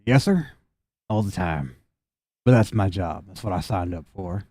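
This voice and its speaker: A man's voice: sits low, lively intonation, unhurried, a little mellow, no echo, studio quality, pitched below the performer's own voice. A man doing a folksy fatherly fox man. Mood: steady.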